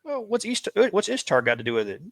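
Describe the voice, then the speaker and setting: A man's voice: high-pitched, huge pitch swings, fast talker, vocal fry, fairly bright tone, no room sound, clean studio sound. A man co-hosting a podcast, talking casually with a questioning tone and lots of fillers. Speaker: podcast co-host. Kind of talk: casual conversational chat.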